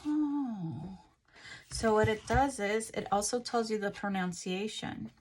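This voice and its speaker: A woman's voice: medium pitch, slow pace, a little mellow, slight background noise. A woman from Rico, chatting casually as she unwraps and reads out craft haul items. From Puerto Rico. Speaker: craft channel host.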